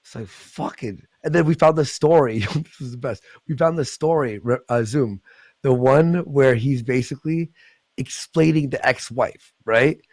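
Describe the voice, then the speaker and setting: Excitable man ranting on a livestream. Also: mid-range voice, normal speed, no room sound. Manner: rambling, profane, excitable ranting. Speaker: livestream host. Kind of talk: casual livestream chat.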